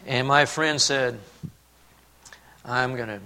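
Bright-voiced male pastor telling a story. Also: mid-range voice, slow, a little hiss or hum. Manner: storytelling, then earnest and hushed on key points. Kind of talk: sermon.

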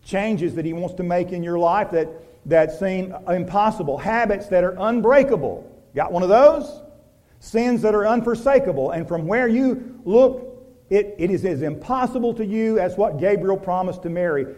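High-voiced preaching man. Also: expressive, moderate pace. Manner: preaching with wide swings from loud emphasis to soft, hushed delivery; rhetorical questions and repetition. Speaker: pastor. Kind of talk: sermon.

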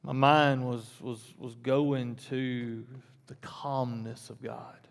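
Slow-preaching man in a reverberant church. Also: mid-range voice, steady tone, creaky. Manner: conversational preaching with sudden emphatic rises. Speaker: pastor. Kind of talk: sermon. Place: church sanctuary. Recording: long reverb in a church hall.

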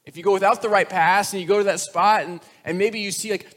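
A man's voice: sits high, fast, hardly any pauses, fairly bright tone, long reverb tail. A man preaching a sermon in a casual, conversational way, acting out the voices he quotes and dropping almost to a whisper to stress a point. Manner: conversational, acts out quoted voices, drops to near-whisper for emphasis. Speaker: pastor.

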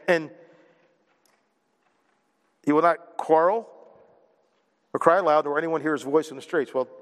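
A man with a notably high voice delivers a sermon as a pastor. He is animated and keeps turning to his listeners with questions. The sound carries a long reverb, as in a church hall. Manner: animated, asks the congregation questions.

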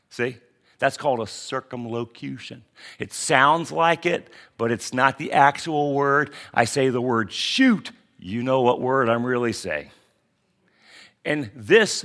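A man's voice: medium pitch, a bit bright. A man pastor giving a conversational sermon that teaches through rhetorical questions.

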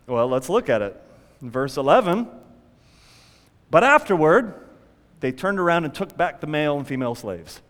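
A male pastor preaching an animated sermon, acting out panicked prayers along the way. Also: a little high, normal speed, pauses often, in a large hall.

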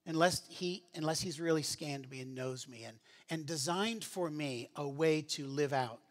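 A man preaching a sermon in an earnest, conversational teaching manner, often restarting his phrases. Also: on the high side. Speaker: pastor.

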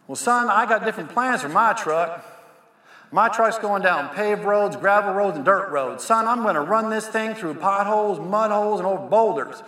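Preacher doing folksy rancher, high forceful drawl, roomy hall echo. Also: male voice, normal speed. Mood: firm. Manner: folksy, drawling, calls listener son. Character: blunt old male rancher buying a truck. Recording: echoey hall with long reverb.

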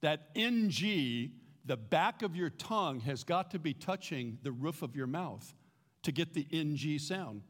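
A man's voice: fairly high pitch, lively intonation, measured pace, in a large hall. A middle-aged man from the United States giving a practical church teaching, plain-spoken and prone to repeating words as he restarts. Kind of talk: sermon-style teaching.

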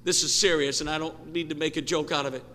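A man preaching a sermon as pastor, impassioned and rising to shouts, in a church sanctuary. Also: fairly high pitch, steady tone, quick pace. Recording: long church hall reverb, faint noise.

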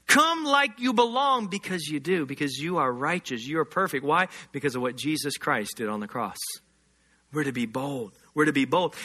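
A man's voice: high voice, bright, forceful tone. A man preaching a sermon as a pastor, emphatic, repeating phrases and acting out short quoted voices.

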